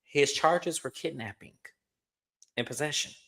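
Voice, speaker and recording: A young man, co-hosting a casual reality TV recap and swooping up into high incredulous exclamations. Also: unhurried, creaky, fairly bright tone. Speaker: co-host.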